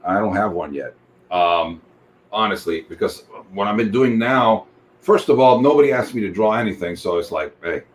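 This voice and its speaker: A deep-voiced man with a Spanish accent, a guest artist chatting casually and rambling with jokes. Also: expressive, normal speed, slight background noise. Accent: Spanish-accented English. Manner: rambling, joking, many fillers. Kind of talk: casual video chat.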